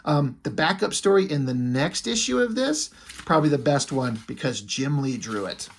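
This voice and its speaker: Brief: man in his forties, comic reviewer, husky voice, slightly high, excitable and swearing. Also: moderate pace. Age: 40s. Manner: enthusiastic, profane, retells plots in quotes. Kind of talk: casual review monologue.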